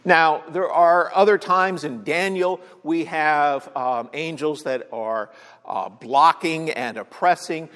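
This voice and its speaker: Slow-talking pastor in an echoing hall. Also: male voice, a little high, a bit bright. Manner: storytelling, conversational, frequent "all right?" check-ins. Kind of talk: sermon. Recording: long hall reverb.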